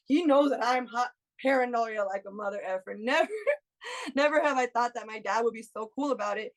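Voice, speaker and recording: A woman in her thirties telling a lively personal story in casual chat, laughing often and acting out what her friends said. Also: fairly high pitch, fairly quick. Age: 30s. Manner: animated, laughs often, acts out friends' lines. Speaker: guest.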